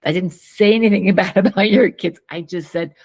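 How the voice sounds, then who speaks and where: A middle-aged woman co-hosts a couples talk show, chatting casually as she walks through a worksheet in a mid-range voice at a moderate pace. She is animated, laughs often, and acts out the lines she quotes.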